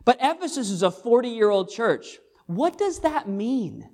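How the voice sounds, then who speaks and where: A man's voice: very high voice, big pitch swings, a little slow, a little mellow. A pastor preaching to his congregation in a church. His delivery is earnest and emphatic, full of rhetorical questions and phrases repeated for weight. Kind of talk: sermon.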